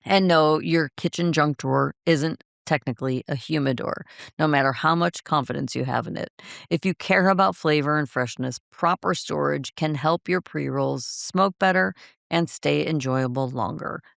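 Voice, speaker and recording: Female podcast co-host, playful and teasing, gravelly voice, close dry mic. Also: low voice, normal speed, dry recording. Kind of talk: casual chat with partner.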